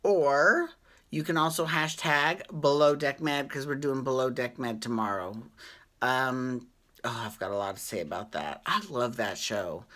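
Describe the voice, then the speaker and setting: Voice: medium pitch, unhurried, fairly bright tone. A host recapping a reality show in a casual, gossipy vlog, chatting and laughing along. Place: home at night.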